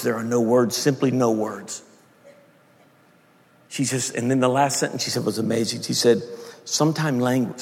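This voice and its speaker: A man preaching a sermon, telling a story softly and then building to shouted, passionate peaks. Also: medium pitch, creaky. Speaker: pastor. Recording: long reverb of a large hall.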